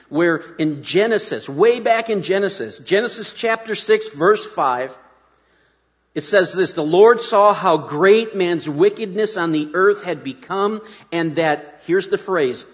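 A middle-aged man preaching a sermon in a folksy, self-deprecating, conversational way, often restarting his sentences. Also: high voice. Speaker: pastor. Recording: muffled sound with long hall reverb.

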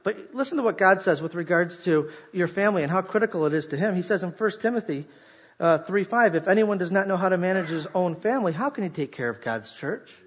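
Pastor, male, husky, slightly high voice, lively preaching, muffled live recording. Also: quick pace. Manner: animated, jokey preaching to a congregation. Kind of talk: sermon.

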